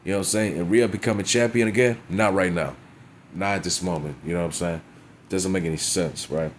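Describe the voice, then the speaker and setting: Deep-voiced man ranting bluntly. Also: fairly even intonation, a little fast, slight background noise. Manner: blunt, profane, frequent "you know what I'm saying". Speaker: wrestling show reviewer. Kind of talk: casual profane rant.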